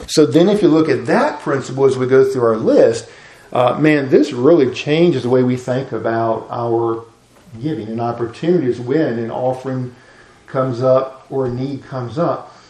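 A man's voice: medium pitch, darkish tone, reverberant, poor audio. A man preaching a conversational, folksy sermon as a pastor.

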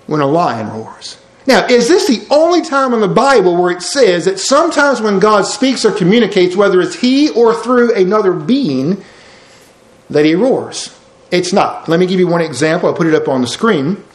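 A man preaching a sermon, folksy and emphatic, with lots of rhetorical questions. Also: sits high. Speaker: pastor. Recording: roomy church hall sound.

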